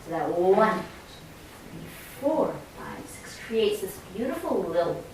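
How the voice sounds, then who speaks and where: A woman's voice: mid-range voice, big pitch swings, slow, gravelly, a little hiss or hum. A woman choir director explaining rhythm and breathing to singers and singing example phrases. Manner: explains and sings demonstration phrases. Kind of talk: choir rehearsal instruction. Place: rehearsal room. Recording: echoey room from far off, faint ambience.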